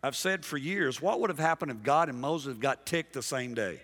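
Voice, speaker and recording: A man preaching a sermon as pastor, emphatic and dynamic, dropping soft and then rising loud while he calls out to the congregation. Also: medium pitch, animated, moderate pace. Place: large church sanctuary. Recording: long hall reverb from a big church.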